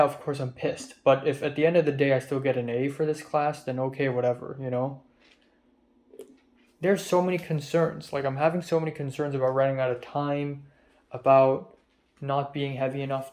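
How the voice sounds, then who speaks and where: A tired young man rambling and swearing in a soft-spoken confessional vlog about his stress. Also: medium pitch. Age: young adult. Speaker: vlogger. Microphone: phone camera.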